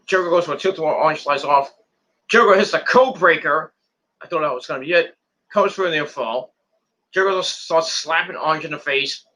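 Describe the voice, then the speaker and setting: A man's voice: a little high, bright, forceful tone. A man casually recapping a wrestling match move by move, rambling and repeating words as he goes. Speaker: wrestling show reviewer.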